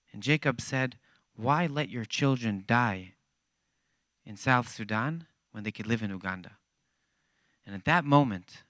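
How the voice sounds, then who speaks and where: A man's voice: medium pitch, a bit bright, no room sound. A man telling a story to a church congregation, acting out the dialogue as he goes. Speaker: guest speaker at a church.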